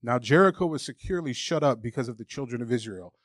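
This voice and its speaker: A man preaches a sermon in a medium-pitched, lively voice at a quick pace, recorded with no room sound. Emphatic and candid, he reads scripture aloud and acts out the mocking, doubting voices people hear.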